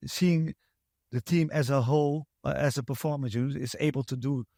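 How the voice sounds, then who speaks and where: A man's voice: medium pitch, steady tone, normal speed, creaky, warm tone, no room sound, clean studio sound. A man, a guest researcher answering interview questions in a hesitant way, with many fillers and restarts.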